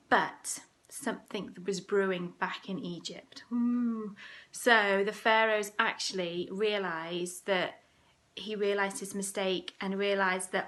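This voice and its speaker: A woman leading children's church, telling a Bible story in an animated, dramatic way. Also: mid-range voice.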